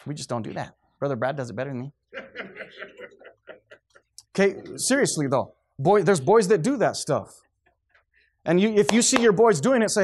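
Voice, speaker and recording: A middle-aged man preaches with fervent, preachy conviction. His voice sits somewhat high for a man, and he now and then loses his train of thought. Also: expressive, normal speed, long pauses, a little mellow, slightly rough. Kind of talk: sermon.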